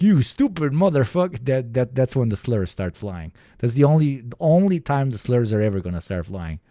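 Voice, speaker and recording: Young man from the Balkans, reaction streamer; profane, animated rants, dry and close. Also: fairly low pitch, no room sound. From former Yugoslavia, Balkans. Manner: profane, ranting, mimics others. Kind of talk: casual reaction commentary.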